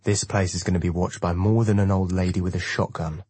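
A male audiobook narrator voicing a steady soldier who gives calm, commanding orders. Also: low-pitched, brisk, breathy edge. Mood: firm.

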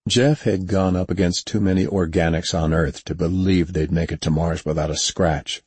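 Male audiobook narrator, low and husky, even unhurried read. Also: dry recording.

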